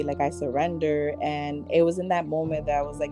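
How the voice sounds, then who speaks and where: Woman co-host, low and soft-spoken, earnest, guitar music underneath. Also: level tone, fairly quick. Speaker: podcast co-host. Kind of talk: casual faith conversation.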